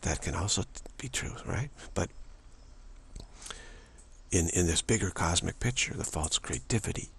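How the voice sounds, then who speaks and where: A man's voice: sits low, expressive, normal speed, pauses often, fairly bright tone, husky. A man giving a spiritual teaching monologue, repeating himself often and acting out little dialogues. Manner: repetitive, many restarts and "you know", acts out dialogues.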